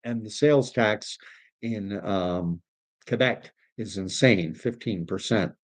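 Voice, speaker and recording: A man's voice: on the low side, slow, no echo. A man from Canada hosting a casual livestream, reading viewer comments and rambling with frequent restarts. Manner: rambling, self-correcting, reads comments aloud. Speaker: livestream host.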